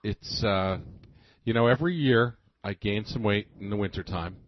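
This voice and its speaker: A man's voice: lowish voice, highs cut off, a little hiss or hum. A man co-hosting a food radio show, talking with enthusiasm and plenty of restarts about seasonal produce. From Northeast US. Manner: enthusiastic, halting with many restarts. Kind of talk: casual radio food chat. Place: radio studio.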